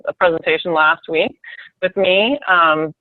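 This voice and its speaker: A woman's voice: on the low side, unhurried, no room sound. A woman leads a team phone call and tells her stories in a rambling, chatty way, stopping and restarting her sentences. Her voice comes through a narrow, tinny phone line with no room sound at all. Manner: chatty storytelling with many restarts and fillers. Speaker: sales team leader. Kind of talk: conference call pep talk.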